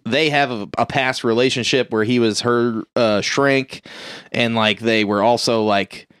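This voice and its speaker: Smooth-voiced man rambling through a casual recap. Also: medium pitch, steady tone, measured pace, fairly bright tone, dry recording, clean studio sound. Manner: rambling, profane, lots of "like" and "uh", acts out characters' lines. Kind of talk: casual movie recap chat.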